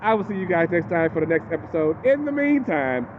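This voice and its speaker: Male recapper, animated and chatty, slightly high voice, phone-like audio with faint hiss. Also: a little fast. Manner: animated, acts out characters in quotes. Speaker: TV recap host. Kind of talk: casual episode recap.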